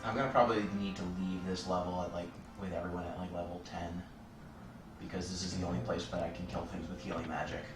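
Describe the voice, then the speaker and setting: On a live stream, this deep-voiced man keeps a steady tone and talks quickly, rambling playfully through casual gameplay chat full of jokey asides. Loud game music plays behind his roomy, distant-sounding mic.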